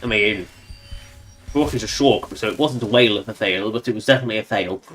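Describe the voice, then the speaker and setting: A man's voice: lowish voice, quick pace, fairly bright tone, soft background music. A man giving casual, sarcastic, rambling commentary while he plays a game on stream.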